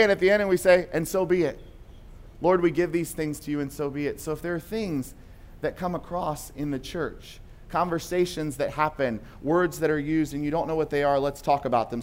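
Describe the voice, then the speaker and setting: Male pastor, slightly high voice, chatty sermon with rhetorical questions. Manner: conversational preaching with rhetorical questions and tag "right?".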